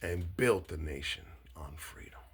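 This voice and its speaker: A Cuban-born man, a political candidate, giving a profane, blunt political monologue that swings between low asides and shouting. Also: a little slow, slightly rough. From Cuba.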